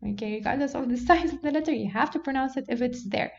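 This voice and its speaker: A woman teaching a Quran reading lesson, patient and explanatory, who often says okay and slows down to model words. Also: high voice. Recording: dull lo-fi sound with faint background noise.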